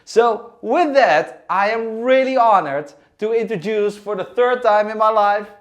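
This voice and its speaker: This podcast co-host speaks in a high-sitting male voice at an unhurried pace. He's enthusiastic, and his talk is full of fillers and restarts.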